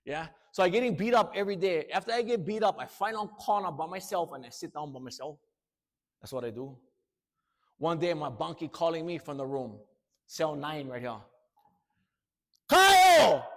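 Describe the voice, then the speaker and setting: A man telling his life story to students in a plain-spoken, earnest way. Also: on the high side. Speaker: motivational speaker. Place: school.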